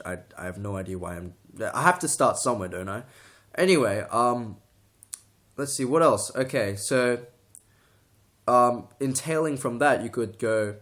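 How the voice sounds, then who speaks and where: A young man talking to the camera in a casual tutorial, rambling, restarting sentences and getting sidetracked. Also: medium pitch. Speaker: vlogger.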